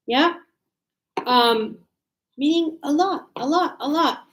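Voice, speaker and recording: A woman teaching English grammar to learners, animated and acting out short dialogues as examples. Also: high voice, slow. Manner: animated, acts out little dialogues to illustrate usage. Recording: echoey room.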